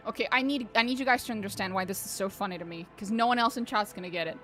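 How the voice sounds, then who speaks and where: A woman's voice: medium pitch, very fast, fairly bright tone, faint music behind. A woman streamer chatting casually and jokily with her chat while playing a game. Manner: chatty, joking, laughs often. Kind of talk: casual livestream commentary.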